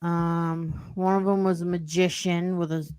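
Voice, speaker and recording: A woman's voice: lowish voice, flat delivery, unhurried, darkish tone, clean tone, no echo. A woman telling a rambling story as a podcast guest, with lots of "like" and "you know". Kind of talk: casual storytelling.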